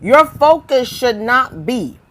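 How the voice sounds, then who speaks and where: A woman's voice: a little high, very animated, slow pace, a bit bright, poor audio. Emphatic woman preaching on a live stream. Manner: emphatic, rhetorical questions to viewers; repeats phrases for emphasis.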